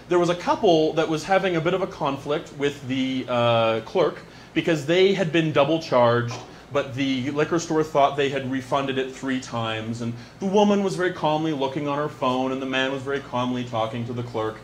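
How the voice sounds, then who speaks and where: A man doing a stand-up comedy monologue into a handheld microphone in a small venue, wry and deadpan with quick asides. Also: medium pitch, slight background noise.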